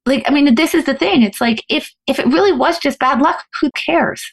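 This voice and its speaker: A middle-aged woman, a podcast guest, telling a story in an animated, fast-flowing way with frequent restarts. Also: high-pitched, creaky. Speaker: guest, former professional poker player.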